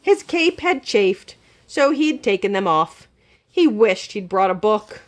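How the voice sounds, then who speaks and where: Woman librarian, storybook read-aloud, very lively pitch, slow and clear. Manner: expressive, animated read-aloud. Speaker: children's librarian. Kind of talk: children's storybook reading.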